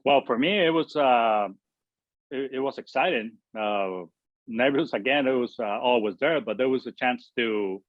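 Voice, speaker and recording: A man from Mexico who speaks English, telling stories as an interview guest in halting sentences full of fillers and restarts. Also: mid-range voice, no echo. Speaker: former baseball pitcher, guest. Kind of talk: storytelling interview answers. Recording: tinny dry phone-like line.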